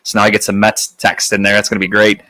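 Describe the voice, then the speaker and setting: A man co-hosting a casual sports podcast, talking football picks in an animated, joking way and swearing freely. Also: lowish voice, quick pace, no room sound. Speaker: podcast co-host.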